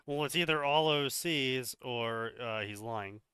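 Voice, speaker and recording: A man's voice: medium pitch, measured pace, bright, forceful tone, clear, resonant tone, no echo. A man reading a text aloud for a comedy stream and mocking it with frequent swearing. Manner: swears often, mocking asides. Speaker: co-host reading fanfiction aloud. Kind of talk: sarcastic commentary on a read-aloud text.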